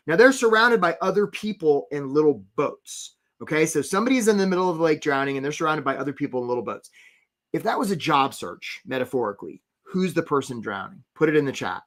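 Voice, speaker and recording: A man coaching job seekers in a live webinar, talking fast and energetically and addressing viewers in the chat. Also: a little high, lively intonation, a bit bright. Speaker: career coach hosting a webinar.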